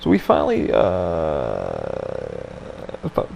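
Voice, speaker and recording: A man's voice: a bass voice, huge pitch swings, slow pace, vocal fry, a little mellow, a little hiss or hum, rough recording. A man hosting a podcast, telling a story in a casual chat with lots of swearing and loose rambling. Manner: profane, laid-back, loose rambling. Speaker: podcast host.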